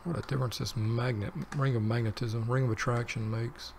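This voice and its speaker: There's slight background noise as a man with a medium-pitched, creaky, darkish voice talks fairly quickly with fairly even intonation. Hosting a let's play, he rambles casually to himself while playing, slipping back and forth between the game and personal asides.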